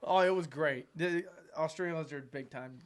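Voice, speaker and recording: A young male podcast host with a high voice tells crude, lively anecdotes in loose banter. He swears freely and acts out the lines of the people in his stories. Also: moderate pace. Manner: profane, animated anecdotes with acted quotes. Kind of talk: casual storytelling chat.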